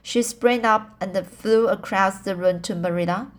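Slow, halting woman audiobook reader. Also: mid-range voice. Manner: halting, frequent restarts. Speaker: audiobook narrator. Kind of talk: amateur audiobook reading.

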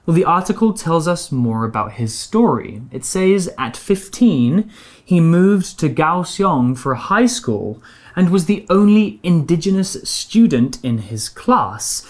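A woman with a British accent teaching English words, explaining each one slowly and clearly with example sentences. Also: on the low side, very animated. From Britain. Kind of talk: bilingual radio English lesson.

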